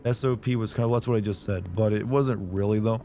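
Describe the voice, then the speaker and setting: A hoarse, low-pitched man riffs casually through a game stream, rambling and joking with his viewers. His voice sits dark and mellow with a sick-throat scratch. A faint background hum sits under his desk mic. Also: a little fast. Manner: rambling, jokey, chats with viewers. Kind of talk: casual gameplay commentary.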